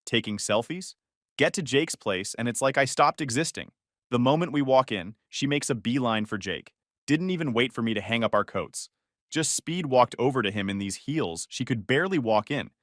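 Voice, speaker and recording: A man's voice: medium pitch, lively intonation, moderate pace, a bit bright, dry recording, studio quality. A man narrating a first-person story in a casual, conversational way, with sarcastic asides.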